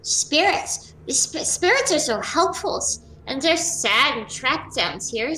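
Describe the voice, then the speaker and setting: A woman voicing a small, timid, sad girl who speaks in soft, broken, childlike phrases. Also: sits high, big pitch swings, slow, whispered, exaggerated voice. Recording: roomy and distant.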